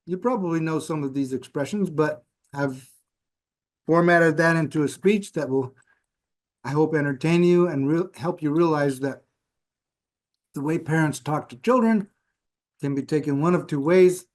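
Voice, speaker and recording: A man's voice: a little high, moderate pace, pauses often. A man describing his upcoming speech in a wry, joking way. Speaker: club speaker. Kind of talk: casual speech preview.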